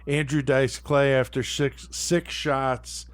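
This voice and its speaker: A man's voice: mid-range voice, flat delivery, slow pace, dry recording. A man with a mid-range voice hosting a casual podcast. He keeps the segment moving at an upbeat clip and hands turns to his co-hosts. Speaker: podcast host.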